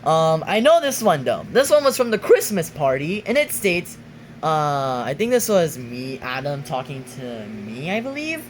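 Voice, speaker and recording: A woman's voice: deep voice, sing-song, normal speed, slight background noise. A woman voicing a chatty sixth-grade student who reads out class quotes in a casual, slangy way full of fillers. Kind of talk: casual amateur voice acting.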